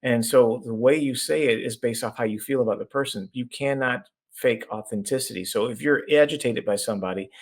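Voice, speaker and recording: A middle-aged man, an executive coach guesting on a podcast, explaining his ideas through lively stories and acted-out voices. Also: medium pitch. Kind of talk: conversational storytelling.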